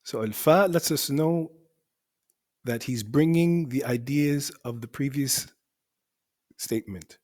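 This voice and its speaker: A man's voice: medium pitch, slow, long pauses, darkish tone. A male teacher explaining the grammar of an Arabic poem line by line, in a methodical way that repeats and rephrases for emphasis.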